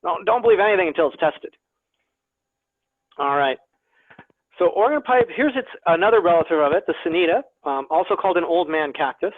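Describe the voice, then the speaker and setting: A man's voice: high-pitched, animated, fairly quick, long pauses. A man, a plant scientist, giving an online lecture to a naturalist club, chatty with self-deprecating humor and frequent repeated words, speaking over a video call. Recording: tinny, phone-like video call audio.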